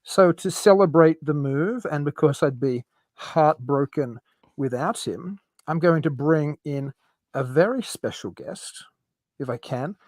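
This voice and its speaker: A man hosting a live podcast stream, chatting casually and warmly welcoming his audience. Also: on the high side, animated, a little slow, no room sound. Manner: friendly, chatty, laughs easily. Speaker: podcast host.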